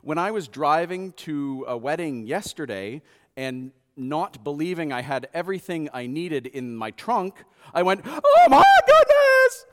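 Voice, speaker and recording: A man preaching a sermon, acting out the quotes and swinging from soft to loud. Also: fairly high pitch, unhurried, in a large hall. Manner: expressive, acts out quotes softly and loudly. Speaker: pastor.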